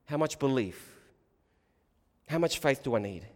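A man preaching a sermon in short, deliberate phrases with long pauses. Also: mid-range voice, animated, big-room sound.

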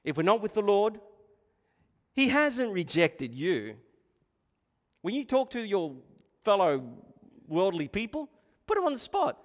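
Male preacher, high voice, impassioned sermon delivery with hushed and loud swings, long reverberant church hall. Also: huge pitch swings, measured pace, long pauses.

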